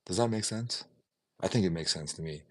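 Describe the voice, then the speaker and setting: A man's voice: sits low, brisk. A man ranting in an opinionated, casual way on a livestream, swearing now and then. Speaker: livestream vlogger.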